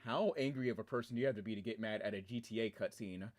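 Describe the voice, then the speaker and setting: A male game streamer talks casually on his livestream from a home room, excitable and meandering, frequently cracking up. His voice runs lowish and he speaks quickly.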